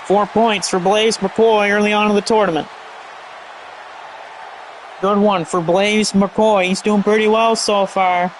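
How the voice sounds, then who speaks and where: A man calling a wrestling match play by play, energetic and shouting at big moves, often tripping over move names and correcting himself. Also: high voice, unhurried, pauses often, slight background noise. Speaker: play-by-play commentator. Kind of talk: excited play-by-play commentary.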